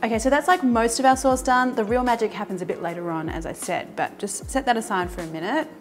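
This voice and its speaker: A woman's voice: fairly high pitch, quick pace, faint music behind. Chatty woman hosting a cooking demo. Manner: chatty and enthusiastic, talks straight to viewers; laughs easily. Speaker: cooking show host. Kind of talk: cooking demonstration.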